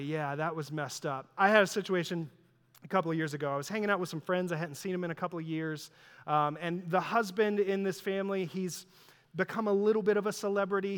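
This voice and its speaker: A man's voice: high-pitched, fairly bright tone, clean tone. A man preaching a sermon, telling stories in a conversational, self-deprecating way. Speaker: pastor. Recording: long hall reverb.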